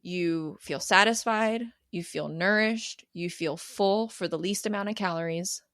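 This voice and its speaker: A woman's voice: lowish voice, unhurried, fairly bright tone, dry recording, studio quality. A woman in her thirties hosting a solo podcast as a coach, talking candidly and emphatically with casual swearing. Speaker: podcast host and cravings coach.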